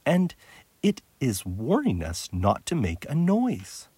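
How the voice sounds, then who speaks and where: A man voicing a sensible older girl who talks with a hushed, worried urgency. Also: mid-range voice, huge pitch swings, takes it slowly, breathy edge, no room sound, voice pushed up, full character voice. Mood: uneasy.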